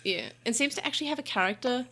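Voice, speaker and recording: A woman's voice: a little high, animated, quick pace, fairly bright tone. A woman co-hosting a casual podcast discussion, talking through her thoughts with fillers and restarts. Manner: chatty, thinks aloud with many fillers and restarts. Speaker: podcast co-host.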